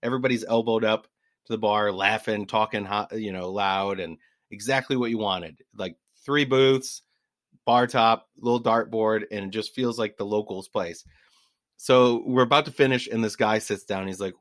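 A man in his forties, a podcast guest telling travel stories in an animated, laughing way. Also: fairly low pitch, normal speed, no room sound. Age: 40s. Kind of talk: casual storytelling.

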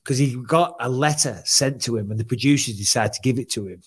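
A man's voice: medium pitch, brisk, husky. Guy on a podcast, telling a rowdy story, lots of swearing, doing everyone's lines. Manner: swearing, animated retelling with quoted voices. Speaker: podcast co-host. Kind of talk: casual storytelling chat.

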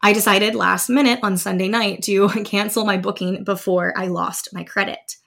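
Woman, thirties, podcast host, upbeat storytelling, gravelly fry. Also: mid-range voice, steady tone, normal speed, fairly bright tone. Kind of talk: motivational podcast talk.

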